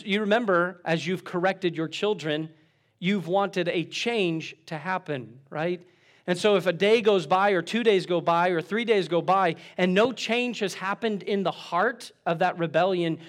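A middle-aged man, a pastor, preaching a sermon, exhorting with emphatic peaks that drop to soft, quiet lines. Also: a little high.

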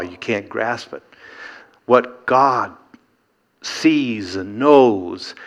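A middle-aged man preaching a sermon, earnest and emphatic, building to rhetorical questions. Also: mid-range voice.

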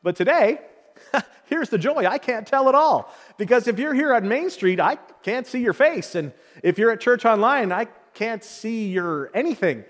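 Male pastor, sermon delivery, earnest and emphatic, bright high voice, lingering church reverb. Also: animated, normal speed. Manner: earnest, building to emphatic calls. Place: church hall.

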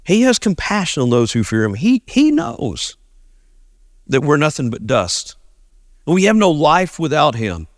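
A man preaching a sermon as a pastor, earnest, slowing down and dropping low on key phrases. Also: wildly swooping pitch, dry recording, clean studio sound.

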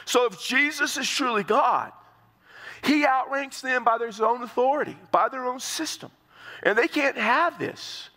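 A man preaching an expository sermon, earnest and explanatory, often repeating words and climbing higher as he drives a point home. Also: a little slow, sharp tone. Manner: earnest, repeats words while explaining, rises in pitch for emphasis.

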